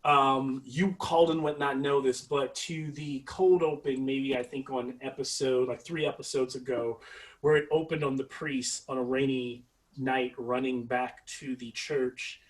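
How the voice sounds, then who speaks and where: A man runs a tabletop game, narrating in a halting, rambling way and mimicking clangs and yells. His pitch is ordinary. He sounds a little away from the microphone. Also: fairly even intonation. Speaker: game master. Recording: voice somewhat far from the mic.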